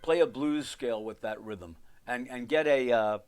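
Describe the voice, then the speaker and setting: Speaking at medium pitch and normal speed, this piano teacher runs a live lesson online. While playing, he counts beats and sings rhythm syllables aloud, with rambling asides along the way.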